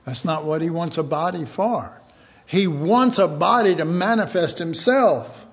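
A man preaching in a folksy, rambling sermon. His voice sits high for a man and he talks slowly and unhurriedly. The recording sounds dull and lo-fi. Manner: rambling, folksy, chuckles often. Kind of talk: informal sermon.

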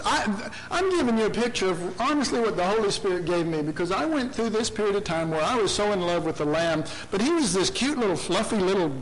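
A man preaching a sermon, dramatic and impassioned, swinging from soft asides to loud shouts. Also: high-pitched, low-quality recording.

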